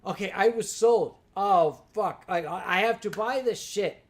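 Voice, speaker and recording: A show host from Pennsylvania telling anecdotes in a casual chat, acting out the voices of the people in the stories. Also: medium pitch. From Pennsylvania, USA. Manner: unhurried anecdote telling, acts out quoted voices.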